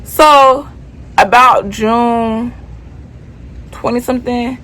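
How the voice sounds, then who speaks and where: A woman's voice: a little high, drawn-out words, pushed and bright, low-quality recording. A young woman from Florida telling a personal story in a casual storytime vlog, chatty and slangy, often turning to her viewers. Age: young adult. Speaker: vlogger.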